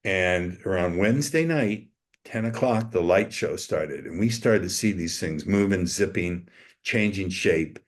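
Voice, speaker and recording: A man's voice: low voice, a little slow. An older man, an interview guest, telling a story in a blunt, emphatic way and swearing freely. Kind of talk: casual storytelling.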